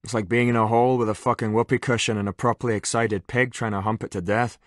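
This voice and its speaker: A man voicing a crude, wry male army corporal with a soft Irish accent in an audiobook. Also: mid-range voice, level tone, fast talker, no echo, clean studio sound, natural voice. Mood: wry grumbling. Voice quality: soft-spoken.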